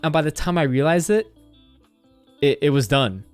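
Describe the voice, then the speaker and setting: A man's voice: a little high, lively intonation, moderate pace, clean tone, no echo, faint music behind. A young man streamer casually telling a story, rambling with constant "like" fillers and swearing.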